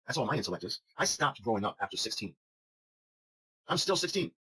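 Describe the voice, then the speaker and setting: A man's voice: medium pitch, big pitch swings, fairly quick, bright, forceful tone, slightly rough, poor audio. A man teaching a recorded trading lesson over charts, emphatic and hammering his points with repeated questions. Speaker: trading instructor.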